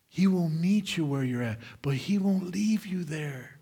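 Husky, slow-preaching man pastor. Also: fairly high pitch, expressive. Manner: emphatic, repeats phrases, swings from loud to hushed. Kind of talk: sermon.

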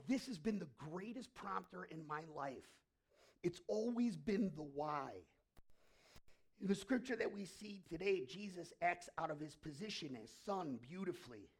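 Pastor guy preaching, gravelly husky voice, goes from whispers to loud bits. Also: sits high. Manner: storytelling, swings from hushed whispers to loud emphasis. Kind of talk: sermon.

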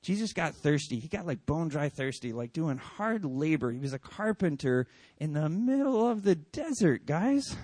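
Casual, animated man preaching. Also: fairly high pitch, normal speed, no room sound. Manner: conversational, animated, acts out quoted thoughts. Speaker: pastor. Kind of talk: casual sermon.

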